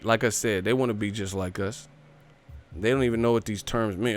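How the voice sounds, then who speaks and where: A man's voice: on the low side, expressive, normal speed. A man hosting a boxing livestream, ranting casually in a profane, mocking way and laughing often. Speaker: boxing show host.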